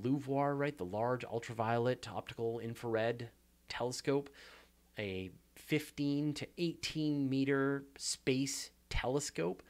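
A Canadian man hosting a casual viewer Q&A, chatty and self-deprecating, with many fillers and restarts. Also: medium pitch. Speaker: show host answering viewer questions. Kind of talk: casual live Q&A chat.

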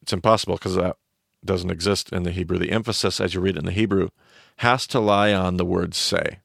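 A man's voice: sits low, fairly even intonation, fairly quick, creaky, fairly bright tone, no room sound, clean studio sound. A man teaching on a podcast, explaining a story and quizzing his cohost with questions.

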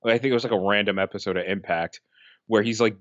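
A man's voice: fairly low pitch, fairly even intonation, quick pace, no echo, muffled recording. A man co-hosting a podcast in casual chat, rambling with many fillers and restarts. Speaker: podcast co-host.

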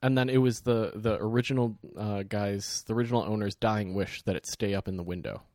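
A man co-hosting a podcast in casual chat, joking wryly and clearing his throat, a little congested. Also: on the low side, a little fast, a little mellow, dry recording, clean studio sound. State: slightly congested. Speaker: podcast co-host.

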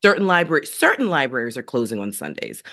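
Co-host, woman, lively swooping delivery, emphatic, casual political chat. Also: extremely low pitch, fairly quick. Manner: animated, emphatic, quotes people in voices.

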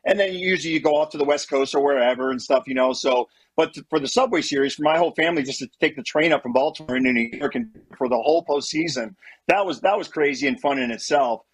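Fast-talking husky man telling stories. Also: a little high. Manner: rambling, full of "you know" and restarts. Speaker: guest, former baseball pitcher. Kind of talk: casual storytelling.

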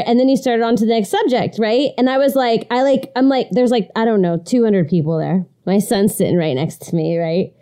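Middle-aged woman cohost, warm mellow voice, acts out every voice in her stories. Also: on the high side, fairly quick, few pauses, clear, resonant tone. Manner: expressive storytelling, acting out voices. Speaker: podcast co-host. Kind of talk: casual chat.

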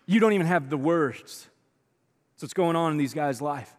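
A man preaching a sermon as a pastor, telling the story in an animated way and acting out what people say, with sighs. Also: on the high side, normal speed. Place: church auditorium. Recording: long reverb of a large hall.

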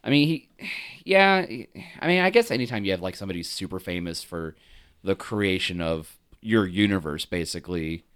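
A laid-back man chatting on a podcast, his voice sitting fairly low. He tells his anecdotes at an easy, unhurried pace. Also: lively intonation, fairly bright tone, clear, resonant tone. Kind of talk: casual chat.

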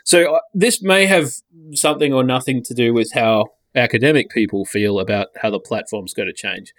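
A man's voice: medium pitch, normal speed, a bit bright, dry recording, clean studio sound. Blunt, sweary man in casual chat. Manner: blunt, sweary, restarts a lot.

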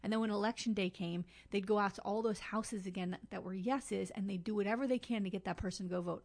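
A woman's voice: medium pitch, steady tone, fast, hardly any pauses, a little mellow. A woman co-hosting a podcast, telling a story in a chatty way with lots of fillers and asides. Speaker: podcast co-host. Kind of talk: casual podcast chat.

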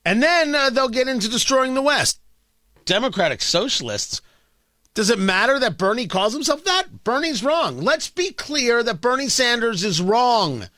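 A man's voice: very high voice, sing-song, moderate pace, pushed and bright, dry recording, clean studio sound. A male talk radio host delivering a sarcastic, ranting opinion monologue.

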